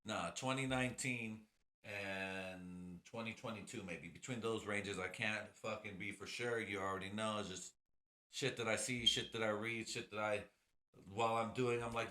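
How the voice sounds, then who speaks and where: Man, podcast host, bright forceful voice, echoey room, profane, rambling. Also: fairly low pitch, steady tone, normal speed. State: drinking whiskey as he talks. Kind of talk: casual solo podcast chat.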